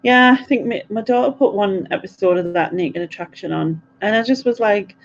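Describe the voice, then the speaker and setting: A woman's voice: mid-range voice, normal speed, gravelly, few pauses. Giggly chatty woman, lo-fi. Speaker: live stream host. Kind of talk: casual live Q&A chat.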